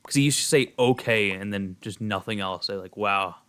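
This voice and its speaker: A man's voice: lowish voice, moderate pace, a bit bright, clean tone. A young man streaming a game and chatting casually with viewers, rambling with lots of fillers and restarts. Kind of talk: casual chat while gaming.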